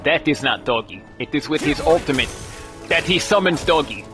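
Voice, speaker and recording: A young man with a fairly high voice commentates casually while he plays a game. He is jokey and playful, slipping into silly put-on accents as he goes. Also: animated, moderate pace, over music. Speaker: gaming streamer. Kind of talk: casual let's play commentary.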